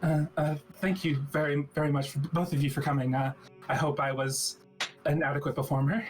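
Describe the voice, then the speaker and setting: A man's voice: a little high, flat delivery, fairly quick, soft background music. Hesitant, polite male player. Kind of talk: tabletop role-play in character.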